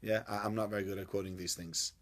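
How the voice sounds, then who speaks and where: A man's voice: fairly low pitch, little pitch movement, fast, a bit bright. A man giving an informal Torah class, chatty and joking with his listeners. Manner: chatty, jokey, banters with listeners. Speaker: Torah teacher.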